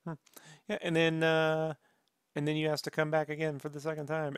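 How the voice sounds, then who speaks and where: A man's voice: a little high, completely flat delivery, brisk, smooth, no echo, studio quality. A man hosting a podcast in casual chat, teasing his co-host with sarcastic banter.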